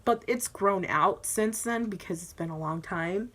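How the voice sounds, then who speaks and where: A teenage girl vlogs from home in a bright, clear, mid-range voice, taking her time. She rambles through her story with giggles and lots of "um" and "like," acting out the other people's voices as she goes.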